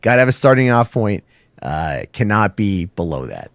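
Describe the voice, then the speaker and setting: Man, very low voice, gravelly fry, hoarse from sickness, crude joking banter, dry sound. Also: sing-song, moderate pace, dry recording. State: sick, hoarse. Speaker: co-host. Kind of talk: casual banter.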